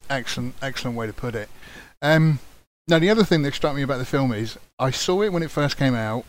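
A man's voice: mid-range voice, expressive, fast talker. A man hosting an interview, asking questions casually and laughing along. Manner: friendly, laughs often, repeats words when starting. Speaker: interviewer, host.

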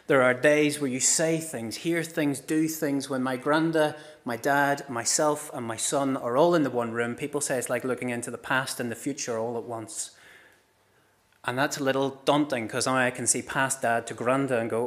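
A man's voice: mid-range voice, moderate pace. Impassioned male pastor preaching. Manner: passionate storytelling, swings between loud cries and hushed speech. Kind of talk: sermon.

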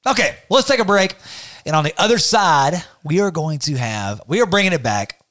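A man on the high side of pitch hosts a casual podcast, very animated and speaking at a normal speed in a fairly bright tone. He drawls and says "y'all," and the clean studio sound has no room echo.

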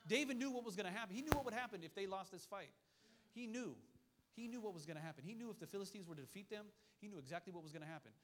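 A man preaching a sermon with a high voice that rattles along at a fast clip. He hammers his points home through repetition and throws quick asides out to the congregation. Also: expressive, background noise. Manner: fiery, repetitive preaching with call-and-response asides. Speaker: pastor.

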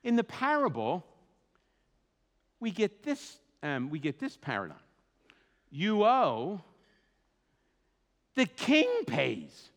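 A man preaching a sermon as a pastor, in a conversational, animated way with asides. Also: sits high, slow pace, pauses often, big-room sound. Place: church sanctuary.

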